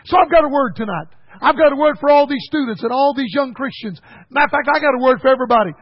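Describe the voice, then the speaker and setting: A man preaching a folksy sermon that rises to shouted emphasis. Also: extremely high pitch, fast talker, husky, no echo, highs cut off.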